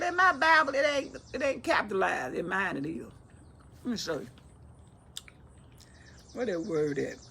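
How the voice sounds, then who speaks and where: A woman's voice: medium pitch, creaky, fairly bright tone, slightly rough. A middle-aged woman reading and explaining the Bible in a casual, talkative way, retelling the scripture in everyday speech. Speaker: Bible teacher.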